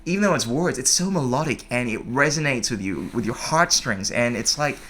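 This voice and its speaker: Bright, enthusiastic podcast host. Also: male voice, medium pitch, fairly quick, a little hiss or hum. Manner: enthusiastic, emphatic, animated. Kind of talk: casual conversation.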